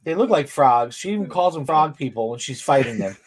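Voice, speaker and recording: A man's voice: medium pitch, animated, a little fast, breathy edge. A man co-hosting a casual live-stream chat, animatedly retelling a comic plot and acting out the quoted lines. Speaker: comic book show co-host.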